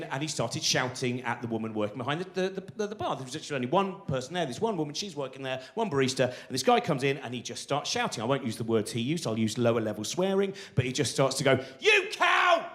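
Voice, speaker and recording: A man, telling a rambling, self-deprecating stand-up story live on a theatre stage. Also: mid-range voice. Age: 40s. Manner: rambling, self-deprecating, many restarts and asides. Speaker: stand-up comedian.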